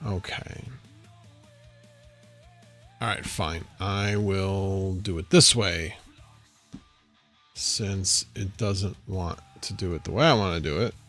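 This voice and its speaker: A man's voice: low voice, slow, pauses often, fairly bright tone, faint music behind. Rambling man chatting on a livestream. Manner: rambling, answering chat, thinking aloud. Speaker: livestream host. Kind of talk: casual livestream chat. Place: home.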